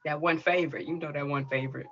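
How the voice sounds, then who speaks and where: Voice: medium pitch, steady tone, quick pace, a bit bright. The host of a poetry livestream, speaking casually, playful and teasing. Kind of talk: casual live stream hosting. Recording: dull lo-fi audio with faint noise.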